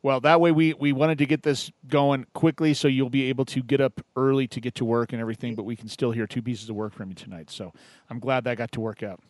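A man's voice: mid-range voice, steady tone, fast, no echo. A man hosting a call-in radio show, chatting casually, joking and laughing often. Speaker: host.

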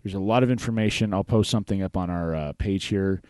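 A man's voice: low voice, fast talker, a little mellow, clean tone, dry recording. A man hosting a podcast in a casual, rambling way, with plenty of fillers and restarts. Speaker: podcast host. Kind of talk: casual talk-show chat.

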